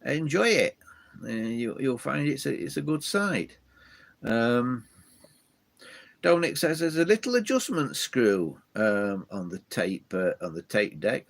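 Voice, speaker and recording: A man's voice: medium pitch, creaky, breathy edge. A man hosting a live stream from his loft, rambling chattily as he reads out viewer comments. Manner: rambling, chatty, many fillers and restarts. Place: home loft full of old telephones.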